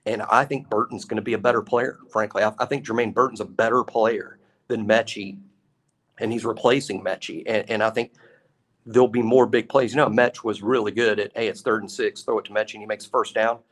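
A man's voice: on the low side, a bit bright. A man co-hosting a sports talk show, analyzing the team in an earnest, emphatic way and repeating his points. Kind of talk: casual sports radio analysis.

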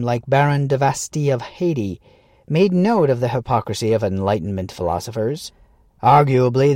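A man narrating a scripted essay in a measured, earnest way, leaning into quoted lines. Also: mid-range voice, warm tone, no echo, clean studio sound.

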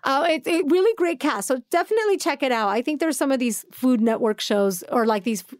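Woman podcast co-host, high-pitched, dry close sound, animated storyteller who laughs a lot. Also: brisk, dry recording. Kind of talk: casual chat.

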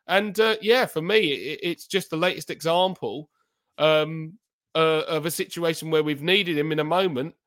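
A man's voice: fairly high pitch, moderate pace, fairly bright tone. A man, a football podcast pundit talking in heated, emphatic casual chat and repeating his points.

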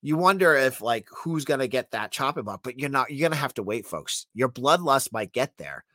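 A man's voice: mid-range voice, lively intonation, moderate pace, fairly bright tone, no echo. A man hosting a sports podcast, giving a blunt, opinionated monologue and talking straight to his listeners as folks. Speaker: podcast host.

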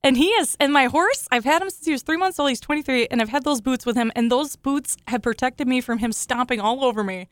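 A woman's voice: high voice, a little fast, hardly any pauses, no echo. A woman hosting a studio talk show, chatting emotionally and laughing often as she thanks her rescuers. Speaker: show host, accident survivor. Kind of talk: grateful casual studio talk.

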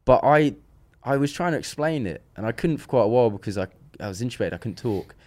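Speaking fast at a medium pitch, the podcast guest recounts a story in relaxed conversation. He performs each bit of dialogue with animation, and his sentences keep restarting.

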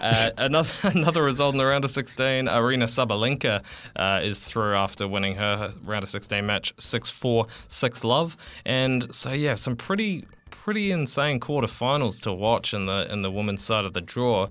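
A man's voice: mid-range voice, normal speed, a bit bright, dry recording. A man giving a radio sports update, hesitant, with many fillers and restarts. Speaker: sports reporter.

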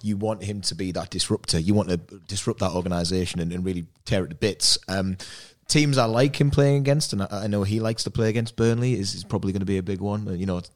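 Low-ish male panellist, jokey and rambling, casual podcast chat. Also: quick pace, hardly any pauses. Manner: jokey, rambling, laughs often.

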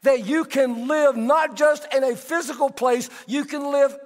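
A man in middle age preaches with a strikingly high-pitched voice, moving between teaching and lively storytelling. His words ring out with a long echo in a large church hall. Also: a little slow. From Texas. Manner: animated storytelling, conversational preaching. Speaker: pastor. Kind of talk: sermon.

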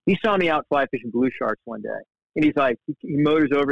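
Animated middle-aged man telling stories. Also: on the high side, fast talker, dry recording. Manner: animated, restarts often, quotes people in lively voices. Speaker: guest, shark fly fisherman. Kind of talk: casual storytelling. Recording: slightly muffled, dry sound.

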